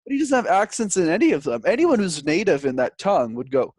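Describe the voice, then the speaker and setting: A man from Canada, a guest telling stories in a casual interview, animated and joking. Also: fairly high pitch, quick pace, slightly rough, no room sound. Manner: animated storyteller, jokey.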